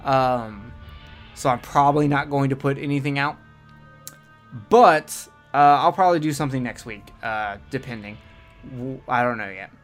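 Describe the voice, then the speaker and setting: A man's voice: medium pitch, moderate pace, faint music behind. A man hosting a horror podcast, wrapping up with casual, rambling and crude joking talk. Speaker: podcast host. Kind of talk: casual podcast outro chat.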